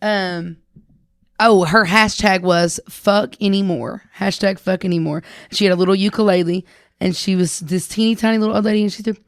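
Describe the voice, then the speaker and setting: A chatty woman co-hosts a casual podcast, reacting quickly and joking with her partner. Her voice sits at an average pitch for a woman. The recording is dry and close, with no room sound. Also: steady tone, no room sound. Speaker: podcast co-host. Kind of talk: casual chat.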